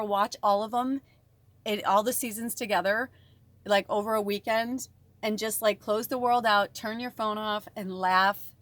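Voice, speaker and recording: A woman's voice: mid-range voice, a bit bright, no echo. A woman giving an emotional spiritual card reading, speaking straight to her viewers with a gushing manner. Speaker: tarot reader.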